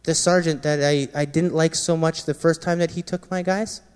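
A man's voice: steady tone, normal speed, clear, resonant tone. Earnest man telling his story in a hall. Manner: earnest storytelling, often dropping quiet and low at painful moments. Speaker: former Marine sharing a testimony. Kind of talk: personal testimony to a gathering. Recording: long reverb of a large hall.

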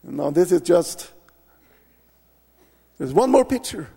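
A man's voice: sits high, big pitch swings, slow pace, vocal fry, dark tone, slightly rough, long reverb tail. A man telling an earnest missionary testimony, often stopping and restarting his sentences. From Norway. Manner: earnest storytelling with many restarts. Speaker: missionary preacher. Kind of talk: testimony in a church talk.

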